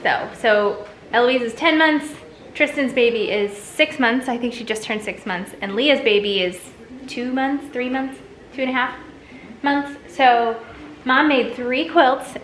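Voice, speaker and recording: A woman's voice: on the high side, measured pace, a bit bright, a little hiss or hum, low-quality recording. A woman in her thirties hosting a casual family vlog, chatty and upbeat. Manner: chatty and upbeat, talks to her toddler and mother. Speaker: vlog host.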